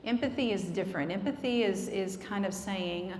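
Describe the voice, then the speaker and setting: A woman's voice: mid-range voice, moderate pace, darkish tone, slight background noise. A woman giving an earnest, explanatory church talk on marriage, with frequent fillers. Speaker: marriage counselor. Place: church hall. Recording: echoey hall, faint ambience.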